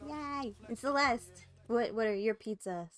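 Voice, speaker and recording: A woman's voice: on the high side, measured pace, fairly bright tone. A woman host in a casual chat, reacting in a bubbly way and passing questions to a guest.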